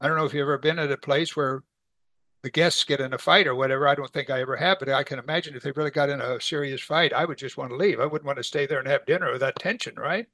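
A man's voice: medium pitch, fast talker, sharp tone, dry recording. A man teaching a weekly Bible study in a conversational way, asking his class rhetorical questions.

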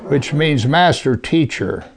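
A man preaching a sermon, reading scripture aloud and commenting on it, at times dropping his voice very low for emphasis. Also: expressive, slow pace. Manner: reads scripture then comments, drops to soft near-whispers for emphasis.

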